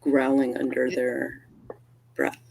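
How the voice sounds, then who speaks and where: A woman narrating as storyteller for a tabletop role-playing game, in a relaxed, chatty way. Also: extremely low pitch, slow, creaky, slight background noise, poor audio.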